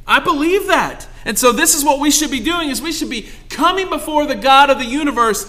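A man's voice: very high voice, animated, brisk, pushed and bright. A young pastor preaching a sermon to his congregation, calling out asides and asking for amens. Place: church sanctuary.

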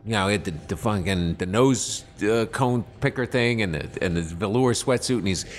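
A man's voice: lowish voice, moderate pace, slight background noise. A man telling a rambling, profane anecdote as a podcast guest, full of restarts and fillers. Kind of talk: casual storytelling anecdote.

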